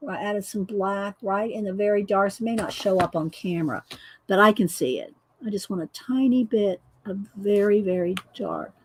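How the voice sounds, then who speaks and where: A woman's voice: medium pitch, moderate pace, slight background noise. A middle-aged woman, hosting a casual coloring livestream, chatty and laughing often as she greets viewers. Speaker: livestream host demonstrating coloring.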